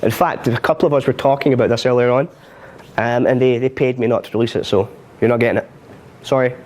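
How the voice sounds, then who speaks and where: A man's voice: medium pitch, steady tone, fast, a little mellow. A man teaching card and coin magic on a live stream, chatty and self-mocking, laughing often. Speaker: magic instructor.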